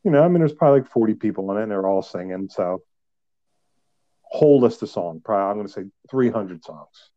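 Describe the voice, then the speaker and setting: A man's voice: lowish voice, lively intonation, fairly quick, mellow, no echo. A man co-hosting a podcast in casual chat, chatty and playful, laughing often. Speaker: podcast co-host. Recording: dull lo-fi sound.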